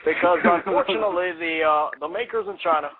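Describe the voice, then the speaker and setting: A man doing a halting, mock-formal president. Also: high voice, heavy background noise, close to an everyday voice. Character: halting male president giving a speech. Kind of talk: comedy podcast impression. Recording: tinny phone-like lo-fi audio.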